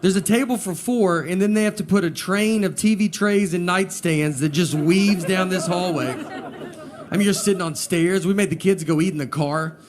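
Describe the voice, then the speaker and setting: Rambling stand-up comic, laughing crowd. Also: male voice, moderate pace, a little hiss or hum. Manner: low-key, rambling anecdotal delivery. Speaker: stand-up comedian. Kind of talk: stand-up comedy storytelling. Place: comedy stage before a live audience. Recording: live show with audience laughter. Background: audience laughter and room ambience.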